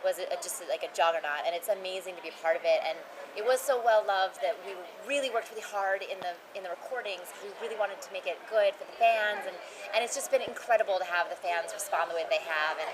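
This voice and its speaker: Speaking as a guest in an interview at a convention, this voice actress is quick and lively, her pitch leaping high when she imitates what others said. Crowd noise can be heard, and the recording is rough.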